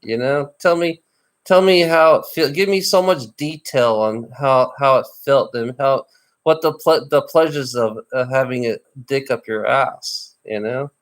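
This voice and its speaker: A man of middle pitch, talking in a loose, casual chat. He rambles and teases, circling back over his words with frequent restarts. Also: unhurried. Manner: rambling and teasing, with many repeated restarts.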